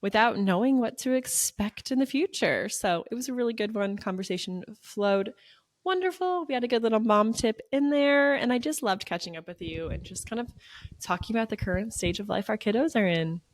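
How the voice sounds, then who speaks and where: A woman's voice: a little high, lively intonation, fairly quick. A young woman co-hosting a parenting podcast, chatting in an easygoing, encouraging way. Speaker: podcast co-host. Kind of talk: casual chat.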